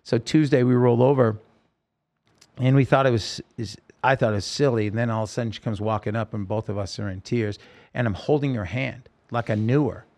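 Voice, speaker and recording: A man, a podcast guest, telling a personal story in a halting, emotional way with many restarts. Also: mid-range voice, a little mellow.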